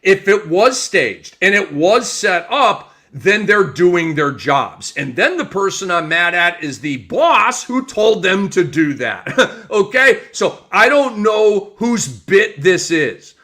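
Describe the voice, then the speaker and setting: Male sports host in his forties, emphatic ranting delivery, bright and a touch high. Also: very animated, slow, few pauses. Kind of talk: sports commentary rant.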